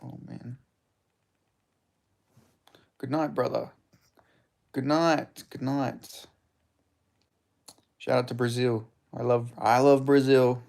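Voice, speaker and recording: A man's voice: medium pitch, steady tone, slow, creaky, pauses often, a little mellow. A man with an Australian accent, from Perth, casually commentating a live fight stream, laid-back and swearing freely as he chats with viewers. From Perth, Western Australia. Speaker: streamer hosting a live fight watch-along.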